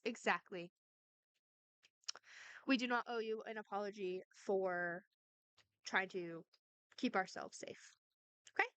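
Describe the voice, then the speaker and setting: A woman's voice: high voice, a bit bright, clear, resonant tone, dry recording. A woman ranting angrily and sarcastically in a profane commentary vlog. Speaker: vlogger responding to a harasser.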